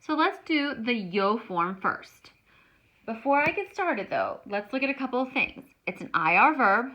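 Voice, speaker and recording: A woman's voice: a little high, sing-song, moderate pace, dull audio. A woman teaching a grammar lesson, explaining each step patiently. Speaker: Spanish teacher.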